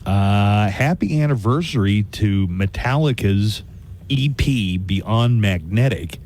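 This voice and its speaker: Chatty lower-voiced male radio host. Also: lively intonation, slow, darkish tone, slight background noise. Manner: chatty, jokey, rambling asides. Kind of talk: casual on-air chat. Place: radio studio. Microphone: studio microphone.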